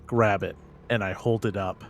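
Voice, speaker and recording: A man's voice: lowish voice, fairly even intonation, normal speed, a little hiss or hum. A man playing a tabletop game, talking casually and correcting himself. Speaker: player.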